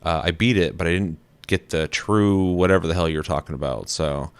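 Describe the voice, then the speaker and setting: A man's voice: low voice, normal speed, clean tone, dry recording. A man hosting a gaming podcast, chatting casually with frequent swearing and fillers. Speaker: podcast host.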